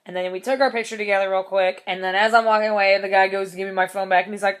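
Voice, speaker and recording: A woman's voice: medium pitch, little pitch movement, very fast, clean tone. A young woman telling a story in a casual vlog, rambling, swearing casually and laughing between lines. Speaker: vlogger.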